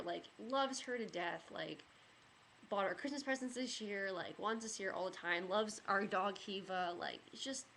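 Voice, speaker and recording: In a casual storytelling vlog, a young woman talks in a mid-range, somewhat bright voice over a slight hiss or hum. Fillers like "like" and "you know" pile up as she rambles, and she becomes emotional enough to get choked up.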